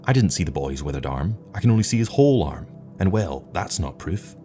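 A man's voice: low voice, big pitch swings, brisk, warm tone, faint music behind. Man reading a curt skeptical spaceship captain. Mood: dismissive. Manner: curt, dismissive, commanding.

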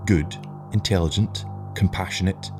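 A man voicing a patient, soft-spoken lieutenant who answers his captain deferentially. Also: low-pitched, fairly even intonation, normal speed, over music, close to an everyday voice. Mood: quiet, awed. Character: patient, dazed young male lieutenant.

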